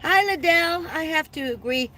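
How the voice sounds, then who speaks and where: A very high-pitched, animated woman speaks at normal speed while hosting a casual livestream from her van. In her seventies, she reads viewer comments, chats, laughs a lot, and thanks people warmly. The low-quality recording has slight background noise.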